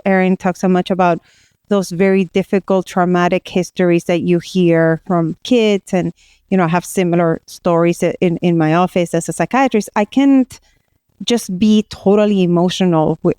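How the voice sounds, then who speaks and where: Podcast co-host: a woman psychiatrist from Puerto Rico, mellow and smooth, candid, talks it through as she goes. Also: lowish voice, no echo, clean studio sound. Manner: candid, animated storytelling with many restarts. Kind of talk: casual podcast conversation.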